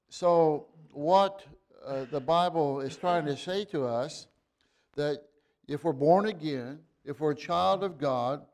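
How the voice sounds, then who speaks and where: Slow, emphatic preacher man. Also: fairly high pitch, a little mellow. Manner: slow, halting delivery with frequent fillers and restarts, rising to emphatic bursts; reads scripture in old-fashioned wording. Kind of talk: sermon.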